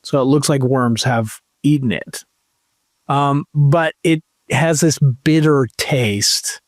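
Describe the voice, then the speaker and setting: A man's voice: medium pitch, dry recording, studio quality. A man co-hosting a podcast, chatting casually and telling rambling, jokey stories. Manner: rambling, jokey, slow storytelling. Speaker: podcast co-host. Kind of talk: casual chat.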